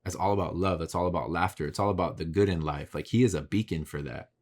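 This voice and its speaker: A man's voice: sits low, fast, darkish tone. A man hosting his own podcast, talking casually and candidly about his work, swearing freely as he reflects on himself. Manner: candid, profane, self-reflective. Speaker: podcast host. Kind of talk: casual solo podcast monologue. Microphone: podcast mic facing camera.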